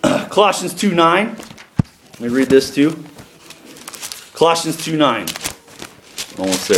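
A man's voice: fairly high pitch, expressive, measured pace, pauses often, roomy sound, a little hiss or hum. A man preaching a sermon, reading scripture aloud and driving his points home with rising emphasis.

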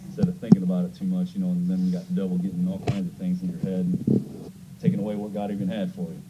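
A man's voice: low voice, little pitch movement, fast, lo-fi sound, very noisy. A man pastoring a church service, talking in a folksy, conversational way and praying with rising fervor, while his voice is going. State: losing his voice. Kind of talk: church service, singing, prayer and announcements.

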